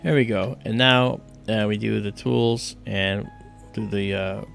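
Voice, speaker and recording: A man's voice: lowish voice, fairly even intonation, unhurried, gravelly, a bit bright, soft background music. A man hosting an astronomy livestream, explaining things step by step in a loose, casual way.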